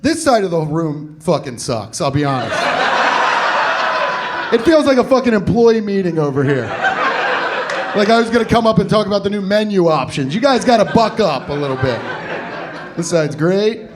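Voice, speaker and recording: A man's voice: high-pitched, sing-song, normal speed, long pauses, heavy background noise. A man from Cincinnati doing stand-up crowd work, brash and profane as he teases the audience in a comedy club. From Cincinnati, Ohio. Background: audience laughter.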